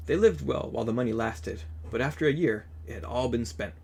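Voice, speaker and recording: Male storyteller, husky tone, gentle read-aloud for kids. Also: mid-range voice, a little fast. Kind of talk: reading a children's picture book aloud.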